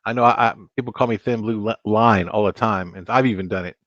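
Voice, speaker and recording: A man's voice: lowish voice, fast talker, fairly bright tone, no room sound, dull audio. A man chatting casually with viewers while hosting a live stream, rambling and restarting his sentences. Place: home studio at a computer.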